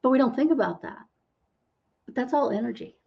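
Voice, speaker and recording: A woman's voice: sits high, expressive, fairly quick, vocal fry, lo-fi sound. A middle-aged woman, a holistic healer, explaining as a podcast interview guest and often asking "right?" to check in. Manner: explanatory, tags lines with "right?".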